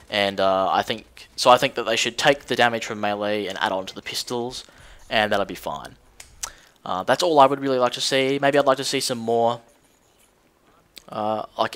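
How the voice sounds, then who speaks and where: A man's voice: mid-range voice, fairly bright tone. A man giving casual, rambling commentary with lots of ums and restarts. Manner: rambling, hesitant, lots of fillers. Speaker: gaming video creator.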